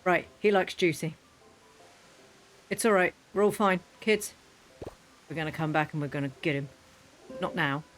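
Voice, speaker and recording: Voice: medium pitch, moderate pace, pauses often. A gaming host giving casual gameplay commentary, chatting away, talking to the game's animals and breaking into mock-furious rants.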